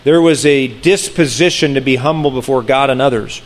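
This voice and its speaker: Earnest man preaching a sermon. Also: medium pitch. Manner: earnest, with frequent restarts and slowed emphasis. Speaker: pastor.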